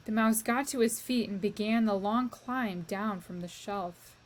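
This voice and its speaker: A woman reads a children's novel aloud to a class, turning now and then to speak to the reader. She takes her time, with a slightly high voice and expressive storytelling. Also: slow, long pauses. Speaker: teacher reading aloud to a class.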